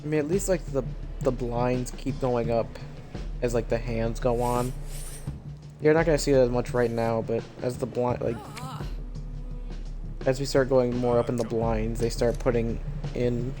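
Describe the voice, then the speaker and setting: A man's voice: medium pitch, fairly even intonation, moderate pace, long pauses. A man streaming a video game, commenting live, swearing often and talking to himself as he plays. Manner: frustrated, swears a lot, talks to himself. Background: game music.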